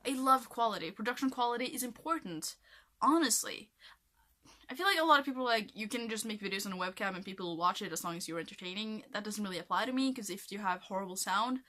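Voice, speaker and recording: A woman's voice: medium pitch, fast talker, sharp tone. A young woman from Norway chatting to camera in a rambling vlog, full of fillers like "like" and "um". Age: young adult. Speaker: vlogger. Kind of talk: casual chat to camera.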